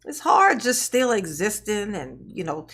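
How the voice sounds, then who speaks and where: A woman talks in a slow, unhurried way during casual live-stream reaction commentary, her pitch swinging widely from low mutters to high squeals. Her tone is bright and sharp, and her remarks are dry, sarcastic and mocking, with laughter never far away. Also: big pitch swings, vocal fry, slightly rough.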